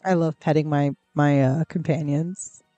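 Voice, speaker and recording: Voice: mid-range voice, steady tone, measured pace, mellow, no echo, lo-fi sound, faint music behind. A game streamer in casual gameplay commentary, chatty and rambling, cooing at pets in the game, close to a desk mic.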